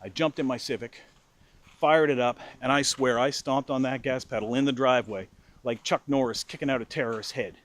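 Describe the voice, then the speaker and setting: A middle-aged man telling a comic personal anecdote in an animated, mock-furious way. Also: medium pitch, fairly quick. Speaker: storyteller. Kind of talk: casual anecdote storytelling.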